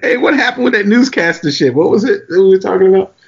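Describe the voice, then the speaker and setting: A man on a casual comedy podcast as a guest comedian, laid-back and quick to laugh. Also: creaky. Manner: laid-back, laughs often, lively swings in pitch. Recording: dull lo-fi sound.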